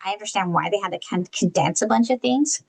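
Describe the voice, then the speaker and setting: A woman with a medium-pitched voice co-hosts a casual podcast. She gives her opinions on a film in an easy, conversational way, often hedging with fillers. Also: brisk, gravelly, low-quality recording. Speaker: podcast co-host. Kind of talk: casual book-and-film review chat.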